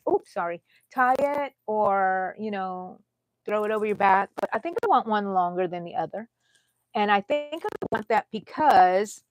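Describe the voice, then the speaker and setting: A woman's voice: medium pitch, no room sound. A middle-aged woman from the United States chatting casually on a crochet live stream, laughing often and talking to viewers by name. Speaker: crochet vlogger.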